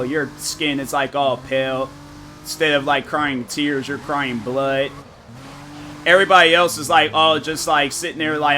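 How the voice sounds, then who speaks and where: A young man with a raised, higher-than-usual voice chats loosely with his stream audience. His tone is bright and forceful as he spins slangy, animated stories and quotes his friends along the way. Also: normal speed, a little hiss or hum. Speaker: gaming streamer. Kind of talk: casual chat with viewers.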